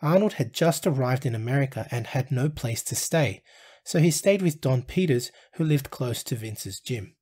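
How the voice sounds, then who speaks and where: Husky-voiced man narrating a documentary. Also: mid-range voice, lively intonation, a little mellow. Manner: measured storytelling delivery. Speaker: documentary narrator and channel host.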